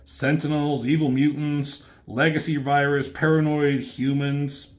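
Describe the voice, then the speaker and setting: A man's voice: a little high, level tone, unhurried, voice pushed up, lightly acted. A man voicing a stern older male mentor who scolds a young recruit impatiently. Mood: stern lecturing.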